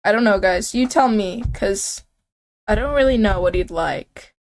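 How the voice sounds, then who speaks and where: Young woman, game streamer, playful chatty banter, reads text aloud, mid-pitched voice. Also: unhurried, darkish tone. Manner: playful, chatty, reacts and jokes with chat. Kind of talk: casual game commentary and reading aloud.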